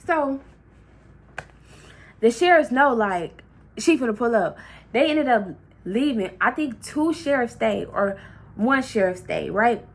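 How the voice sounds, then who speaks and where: A woman vlogger telling a heated, profane storytime in a casual, animated way. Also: a little high, slow pace, long pauses.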